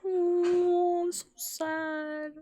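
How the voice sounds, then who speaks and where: A woman voicing a grieving young female assistant, reading game dialogue aloud in a soft, subdued, mournful way. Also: very high-pitched, level tone, extremely slow, heavily acted. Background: game music.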